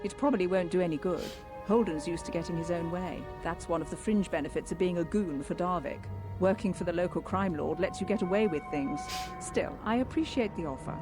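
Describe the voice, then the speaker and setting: A woman's voice: lowish voice, a little fast, over music, lightly acted. An actress voicing a wary young woman in hiding in a video game, speaking with a British accent in a guarded, clipped way.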